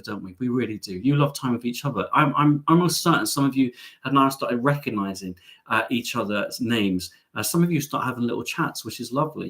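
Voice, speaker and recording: A man's voice: medium pitch, fairly bright tone. A man hosting a chatty live stream from home, playful and camp, teasing his audience.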